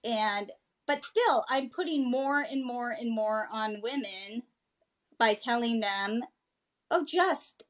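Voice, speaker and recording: A woman co-hosting a casual podcast conversation, her voice a little high. She talks outspokenly and pokes fun at herself with quick asides. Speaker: podcast co-host.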